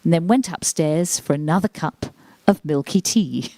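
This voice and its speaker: Speaking at a moderate pace in a low, mellow voice, a woman in her forties does self-deprecating stand-up with small acted asides. The recording carries a little hiss or hum; she uses a handheld mic in a library converted into a TV studio.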